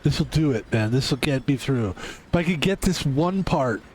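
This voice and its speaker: A man's voice: mid-range voice, animated, measured pace, slight background noise. A young adult man streaming a game, chatting casually in a rambling, joking way with plenty of swearing. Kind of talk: casual gaming stream chat.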